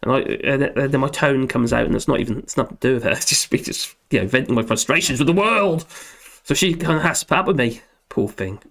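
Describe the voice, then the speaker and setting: A man's voice: medium pitch, expressive, quick pace, fairly bright tone. A middle-aged man hosting a live stream, chatting casually in a rambling, jokey, self-deprecating way and chuckling often. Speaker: live stream host reading chat.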